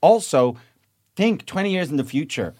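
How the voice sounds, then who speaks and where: A man's voice: lively intonation, normal speed, a little mellow. A man co-hosting a comedy podcast, chatting playfully and jumping into silly voices. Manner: playful, jumps into high silly put-on voices. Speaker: podcast co-host. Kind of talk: casual comedy chat.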